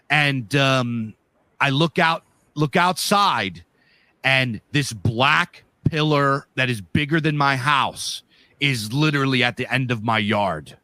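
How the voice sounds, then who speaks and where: A man from Pennsylvania in the northeastern US co-hosts a podcast, his mid-range voice bright and forceful in a dry recording. He tells a vivid, rambling story in a casual way, full of fillers and swearing.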